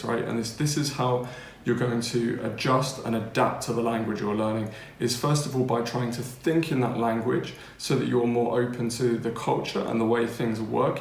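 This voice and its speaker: An English man talks through a language lesson in a relaxed, chatty way, checking in with his listeners every few sentences. His voice has a gravelly edge and sits at a middling pitch. The room around him rings with noticeable echo. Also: slight background noise. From England. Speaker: language-learning teacher. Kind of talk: casual spoken lesson.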